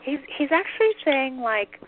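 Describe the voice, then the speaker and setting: A woman talks in a loose, chatty way, full of "like" and restarts, as she passes on a spirit's answers to a caller. Her voice sits a little high. It comes through a thin, phone-like line with a faint hiss underneath. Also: sing-song, moderate pace. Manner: relays answers in chatty fillers. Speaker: channeler. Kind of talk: casual live call-in chat.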